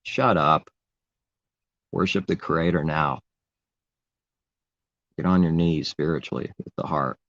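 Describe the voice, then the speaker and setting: A man's voice: a bass voice, steady tone, unhurried, pauses often, dry recording, lo-fi sound. A man giving an informal, rambling sermon in a conversational way. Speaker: preacher. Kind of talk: informal live-stream sermon.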